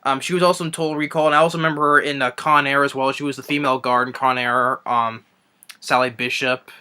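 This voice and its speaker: A man's voice: mid-range voice, level tone, fast, pushed and bright, clear, resonant tone. A young man reviewing a film in an unscripted rant, rambling with many restarts and fillers. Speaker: movie reviewer.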